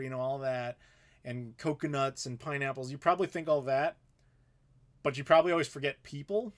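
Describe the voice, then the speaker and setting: A man, hosting a live question-and-answer stream, chatting casually and reading out viewer questions. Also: fairly high pitch. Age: 30s. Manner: casual, rambling, reading chat aloud. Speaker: YouTube host. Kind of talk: live Q&A chat.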